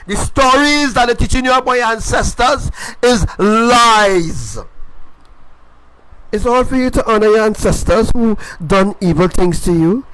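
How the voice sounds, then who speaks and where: A man preaching on a livestream, repeating phrases and rising to shouts. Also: high voice, unhurried, poor audio. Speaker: self-styled prophet preacher.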